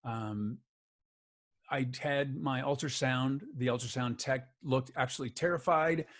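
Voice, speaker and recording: A man's voice: medium pitch, steady tone, a little slow, a bit bright. A middle-aged man telling a personal story in an interview, acting out the other people's lines as he goes. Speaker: guest, author and voice actor.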